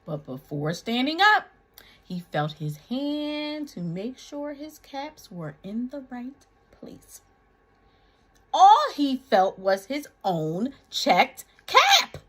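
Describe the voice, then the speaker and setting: Woman reading a children's story aloud, very expressive, slow and playful. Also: sits high. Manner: playful, asks young listeners questions, dramatic pauses. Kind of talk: animated children's read-aloud.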